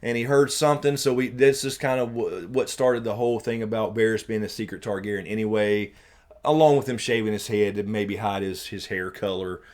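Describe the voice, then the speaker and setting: A man's voice: lowish voice, fairly quick. Southern man hosting a loose live stream. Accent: American Southern. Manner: swings between muttering and loud animated outbursts, swears freely; reads viewer questions aloud and answers them. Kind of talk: casual live stream chat.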